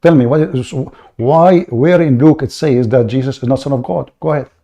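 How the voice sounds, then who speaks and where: Brief: male debate host, mellow tone, taunting and cutting in constantly. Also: medium pitch, normal speed. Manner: mocking, interrupting, repeats words. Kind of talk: heated live debate.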